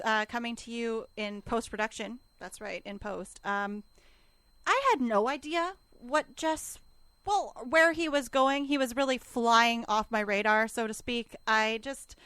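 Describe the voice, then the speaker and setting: Brief: female podcast co-host, higher voice, playful chatty delivery, dry close recording. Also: bright, forceful tone, smooth, no echo. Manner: playful, chatty, talks straight to listeners. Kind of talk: casual comedic chat.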